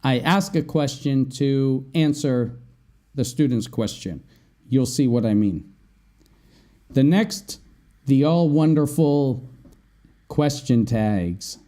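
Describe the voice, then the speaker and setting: A man's voice: medium pitch, expressive, mellow. A man hosting an English-learning podcast, going through vocabulary words and often checking in with "right?". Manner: explains slowly, often asks "right?". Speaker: English teacher, podcast host. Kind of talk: vocabulary lesson.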